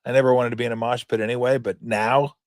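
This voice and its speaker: A man's voice: mid-range voice, little pitch movement, quick pace, no room sound, clean studio sound. Rambling, profane man in his fifties. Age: 50s. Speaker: sports talk show host. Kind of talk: casual sports commentary.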